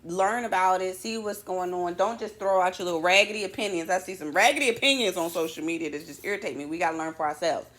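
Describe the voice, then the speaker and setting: Talking fast with few pauses, a morning-show host uses her lowish voice for a slangy, animated monologue. She keeps it casual and tosses playful asides to the people watching.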